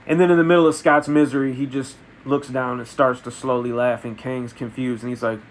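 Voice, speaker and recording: A man reviewing a film in a comedic, deadpan way, retelling absurd story events. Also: mid-range voice, a little fast. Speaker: movie reviewer. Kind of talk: comedic spoken movie review.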